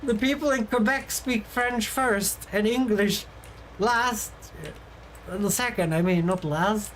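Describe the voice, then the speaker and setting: A woman's voice: medium pitch, slow pace, slight background noise, rough recording. A woman streaming from her desk, telling travel stories in a casual, chatty way and laughing often. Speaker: VTuber streamer. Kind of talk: casual stream chat, storytelling.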